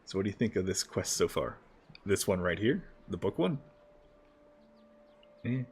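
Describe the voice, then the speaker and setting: A man's voice: deep voice, sing-song, normal speed, a little mellow, husky. A man streaming a video game as a VTuber, commenting casually in a joking, offhand way with some swearing. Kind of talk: casual gameplay livestream commentary.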